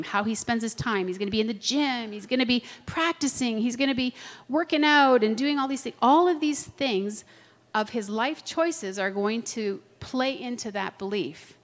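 Woman, middle-aged, classroom lecture, animated, checks in often, slightly high pitch, long hall reverb. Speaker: teacher. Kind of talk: classroom lecture with personal anecdotes.

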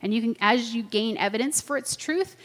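A middle-aged woman teaching a class, lively and chatty, often checking that her listeners follow. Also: on the high side, fairly quick. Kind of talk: classroom lecture with personal anecdotes. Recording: long hall reverb.

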